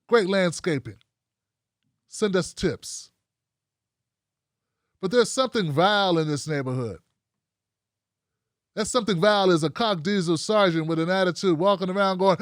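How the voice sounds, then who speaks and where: A man hosting satirical commentary, talking in a sardonic, mock-admiring way with slow, drawn-out phrasing. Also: sits high, no echo, studio quality. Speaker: comedy commentator and channel host.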